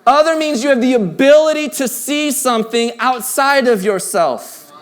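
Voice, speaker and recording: A man in his thirties preaching a sermon in a church, earnest and conversational, rising to emphatic points and dropping to quiet, tender passages. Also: very high-pitched, moderate pace. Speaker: pastor. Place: church sanctuary.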